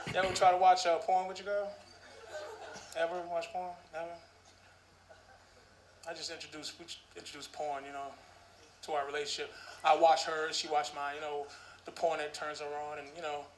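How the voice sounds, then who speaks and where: A man's voice: on the high side, level tone, normal speed, pauses often. A man in his thirties doing a stand-up comedy set, profane and conversational with mumbled asides. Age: 30s. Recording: echoey club recording with noise.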